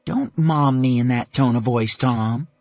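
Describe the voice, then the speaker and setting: A male narrator voicing a woman in her early thirties, a gentle but firm mother, speaking a bit higher than his own voice. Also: unhurried, no room sound, faint music behind, natural voice. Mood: tender. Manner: gentle and earnest, turning firm.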